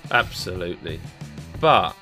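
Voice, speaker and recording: A man's voice: low voice, sing-song, a little slow, sharp tone, faint music behind. A man hosting a games podcast, chatting casually and joking with his co-hosts. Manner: playful, jokey. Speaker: podcast host. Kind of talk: casual chat.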